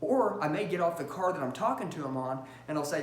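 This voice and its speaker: A man coaching salespeople in an emphatic, punchy style, acting out phone calls in quick bursts and checking in with his audience. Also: fairly high pitch, animated. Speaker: sales trainer. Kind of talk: high-energy sales training talk. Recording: roomy echo with faint hum.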